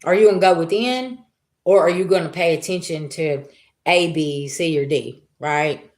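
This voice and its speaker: A woman's voice: sits low, normal speed, darkish tone. A woman reading on a live stream, talking in a chatty, emphatic way and throwing out rhetorical questions. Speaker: live-stream spiritual reader. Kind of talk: casual live-stream monologue.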